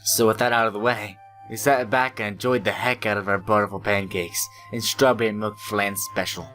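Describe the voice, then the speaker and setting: A man's voice: fairly low pitch, fairly even intonation, normal speed, sharp tone. A young man hosting a let's play, reading a visual novel aloud and breaking off for joking asides. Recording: faint game music behind.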